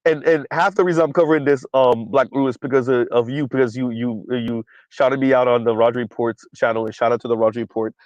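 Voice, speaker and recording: A man's voice: medium pitch, steady tone, fast, few pauses, darkish tone, dry recording, dull audio. Man hosting chatty commentary, dry close mic. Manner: conversational, asks "right?" often, reads comments aloud. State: dry cough. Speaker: commentary channel host. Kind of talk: casual commentary reading viewer chat.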